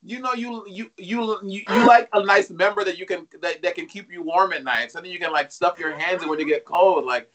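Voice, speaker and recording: A man joins over a video call, speaking in a high, bright voice. He is sassy and gossipy, tossing out slangy remarks. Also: brisk, hardly any pauses. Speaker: guest. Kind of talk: casual chat.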